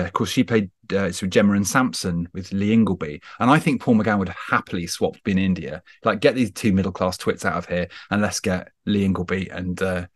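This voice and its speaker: A man guesting on a podcast, talking animatedly and poking fun at himself, with lots of quick restarts. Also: low-pitched, no room sound. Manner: animated, self-deprecating, full of quick restarts. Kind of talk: casual chat. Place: video call.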